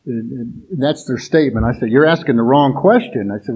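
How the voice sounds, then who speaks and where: A man's voice: fairly high pitch, expressive, a little fast, few pauses, darkish tone, husky, rough recording. A man giving an informal sermon in a conversational way, often restarting his sentences and adding filler phrases. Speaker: preacher.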